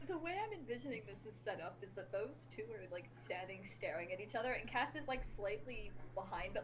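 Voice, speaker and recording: A woman's voice: medium pitch, lively intonation, a little fast, hardly any pauses, noisy background. A woman playing a tabletop role-playing game, chatting casually and describing the scene with lots of fillers.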